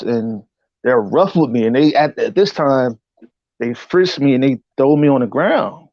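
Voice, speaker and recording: A man telling a personal story as an interview guest in casual speech, animated and often saying "you know what I'm saying". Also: medium pitch, unhurried, dry recording, highs cut off. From United States. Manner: acts out voices in quotes.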